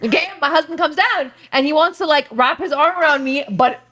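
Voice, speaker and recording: A woman's voice: high-pitched, a little fast, fairly bright tone. A young woman co-hosting a podcast in casual chat, telling stories animatedly and dropping in Urdu phrases. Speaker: podcast co-host.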